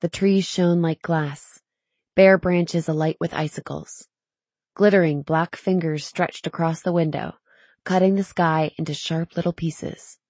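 Low, husky woman narrating an audiobook. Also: no echo. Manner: steady, measured storytelling. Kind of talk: scripted narration.

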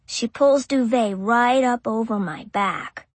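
Lady reading a story as a little kid, slow and careful, kinda high and husky. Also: no echo. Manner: simple childlike phrasing, slow and careful. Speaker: audiobook narrator. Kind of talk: first-person audiobook narration as a small child.

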